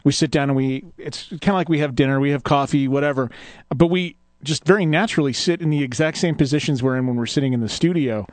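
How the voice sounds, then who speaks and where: A man's voice: mid-range voice, fast talker, darkish tone, dry recording. A man hosting a call-in radio show, chatting playfully with a co-host and teasing callers with frequent chuckles. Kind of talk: casual call-in radio banter. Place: radio studio.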